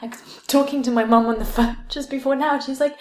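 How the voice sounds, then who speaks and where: A woman's voice: sits high, fairly even intonation, fast talker. A woman taking part in a casual podcast chat, easygoing and laughing along. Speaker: podcast co-host. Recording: echoey room.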